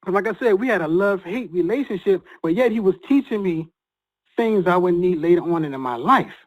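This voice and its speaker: Emotional and earnest, a male guest tells a personal story in a halting manner with many repeated restarts. His voice is high and animated, and the audio has its highs cut off.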